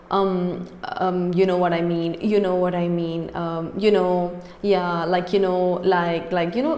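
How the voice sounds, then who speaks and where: A woman's voice: medium pitch, a little mellow. A woman giving an unscripted spoken lesson as a cabin crew coach, stressing chosen words as she explains. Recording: echoey room with long reverb.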